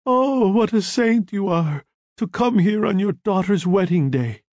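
A woman's voice: medium pitch, lively intonation, a little slow, a little mellow, dry recording, pitched above the performer's own voice, lightly acted. A man voicing a stout older woman who babbles through tears, wailing her thanks. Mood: tearful pleading. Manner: sobbing, wailing pleas.

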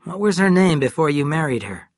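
A man's voice: on the high side, very animated, a little fast, no echo, clean studio sound, voice pushed up. A man voicing a stern young deputy sheriff who presses firm questions. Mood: stern, pressing.

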